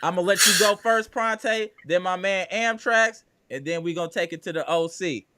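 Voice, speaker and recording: A man hosting a casual live sports stream, talking in slangy, hyped bursts and rattling off shout-outs to his chat. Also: high voice, normal speed, no room sound.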